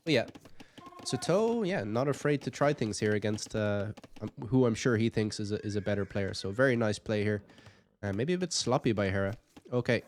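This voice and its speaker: A man's voice: fairly low pitch, fairly quick, slight background noise. A man giving casual commentary on a strategy game match, chatty and thinking aloud with light jokes. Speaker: game caster.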